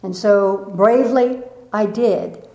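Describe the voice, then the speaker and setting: This woman, a spiritual teacher with a mid-range voice, gives an inspirational talk in a meeting room full of people, and the sound echoes. She reads a poem slowly before telling spirited personal stories and teasing the crowd into participating.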